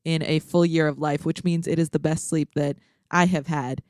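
A woman's voice: low-pitched, fairly even intonation, normal speed, darkish tone, dry recording, studio quality. A woman who is a pastor, joining a podcast and telling stories in a cheerful, chatty way. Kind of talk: casual podcast chat.

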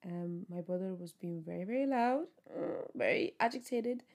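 A woman's voice: on the low side, normal speed, vocal fry, darkish tone. A young woman hosting her own podcast, chatting casually and upbeat with lots of fillers despite sounding tired. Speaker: podcast host. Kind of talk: casual solo podcast chat.

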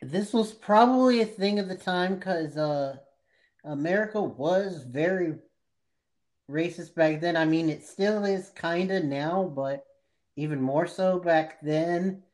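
A man co-hosting a podcast, talking casually about a TV series in halting, trailing phrases. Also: a little high, darkish tone. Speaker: podcast co-host. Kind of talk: casual chat reviewing a TV series.

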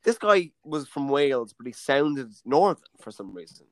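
A man's voice: mid-range voice, big pitch swings, moderate pace, dry recording. A man co-hosting a podcast, telling a story in a teasing, joking way. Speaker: podcast co-host. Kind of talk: casual storytelling chat.

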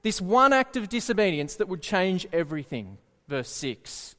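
A man's voice: a little high, expressive, moderate pace, hardly any pauses, bright, forceful tone. A man preaching a sermon earnestly, often putting questions to his listeners. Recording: echoey hall reverb.

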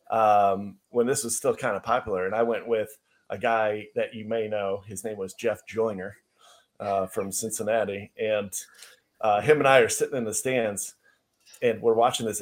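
A man co-hosting a podcast, chatting casually and telling a funny story with easy laughs. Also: on the low side. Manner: animated storyteller who laughs easily and says "dude". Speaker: podcast co-host.

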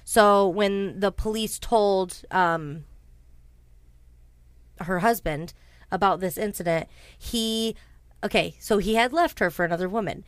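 Smooth-voiced woman recounting true crime. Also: medium pitch, measured pace, pauses often, no room sound. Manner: chatty, swears, frequent ums and asides. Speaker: podcast host. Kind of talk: casual true-crime storytelling.

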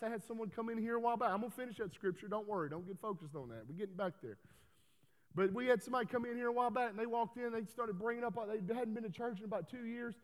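A man preaching a folksy sermon in a church, building to loud, emphatic calls. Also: very high-pitched. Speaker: pastor. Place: church hall. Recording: reverberant church hall.

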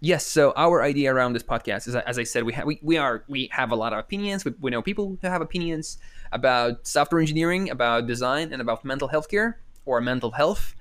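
A man's voice: medium pitch, expressive, quick pace, a bit bright. A man co-hosting a podcast on a remote call from home, chatting casually and rambling in a self-deprecating way, with many restarts. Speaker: podcast co-host. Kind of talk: casual chat.

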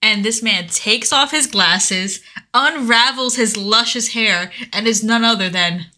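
A woman co-hosts a casual podcast in a bright, slightly high voice. She keeps asking curious questions and laughs easily as the story unfolds. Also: measured pace. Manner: curious, asks many questions, laughs often. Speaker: podcast co-host.

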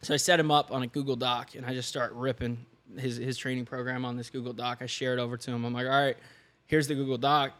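A young online fitness coach, appearing as a podcast guest, tells a story in casual chat, animated and often laughing as he acts out the people he quotes. His voice is medium-pitched and fast.

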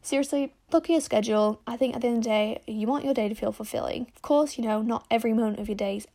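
A woman's voice: a little high, quick pace, vocal fry, warm tone. A young woman hosting a podcast, chatting in a frank, rambling way. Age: young adult. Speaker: podcast host. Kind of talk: casual chat.

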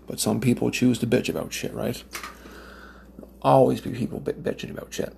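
A man's voice: medium pitch, level tone, moderate pace, gravelly, a little mellow, slight background noise. A man from Nova Scotia, Canada, ranting in a casual, profane, rambling monologue with lots of fillers and restarts. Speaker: smoker telling stories.

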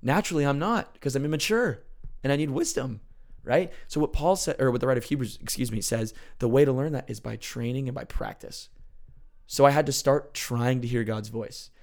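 An earnest man talks through a faith lesson in a relaxed, conversational way, pausing now and then to check that the listener is following. His voice sits at an ordinary middle pitch. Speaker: podcast host teaching on faith. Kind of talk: casual teaching talk.

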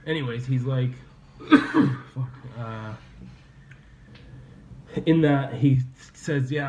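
A man's voice: medium pitch, darkish tone, roomy sound, a little hiss or hum. A young man hosting a podcast, telling a rambling story in casual chat, laughing and swearing as he goes. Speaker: podcast host. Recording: slightly dull lo-fi podcast audio, faint ambience.

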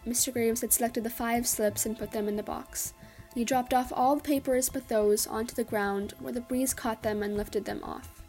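A woman narrating a short story in a calm, measured reading voice. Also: on the high side, faint music behind, low-quality recording.

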